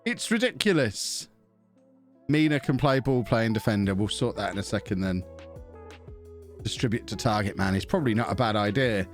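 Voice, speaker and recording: A man's voice: fairly low pitch, lively intonation, normal speed, soft background music. A man casually commentating on his own football management game on a live stream, chatty and self-mocking as he thinks aloud and thanks subscribers.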